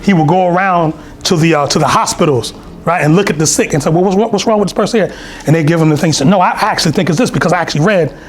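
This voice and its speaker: A man preaches in a loose, storytelling way, full of asides and fillers. His voice sits fairly high for a man. A faint hiss runs beneath the temple recording. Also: racing. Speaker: speaker at a temple meeting. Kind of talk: conversational sermon. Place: temple hall.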